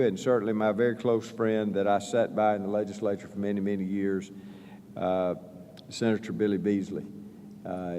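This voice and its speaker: Male official giving a halting public speech; low, mellow voice with long hall reverb. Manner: halting, many "uh" fillers and restarts. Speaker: state governor. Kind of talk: speech at a press event.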